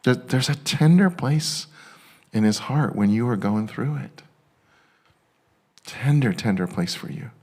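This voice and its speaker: A male pastor preaching a sermon, excitable and halting with many restarts, turning tender and emotional at times. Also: medium pitch.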